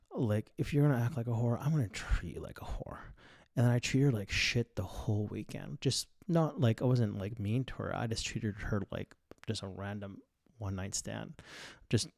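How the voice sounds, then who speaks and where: A man's voice: fairly low pitch, vocal fry, a little mellow, dry recording. A man in his thirties, the host of a podcast, telling a story in a blunt, crude and boastful way with plenty of swearing. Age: 30s. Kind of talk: casual storytelling monologue.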